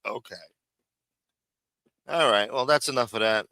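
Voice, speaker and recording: A man's voice: medium pitch, a little slow, sharp tone, clean tone, no room sound. A man hosting a live chat show, talking casually and swearing in exasperation. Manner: exasperated, cursing. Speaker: host.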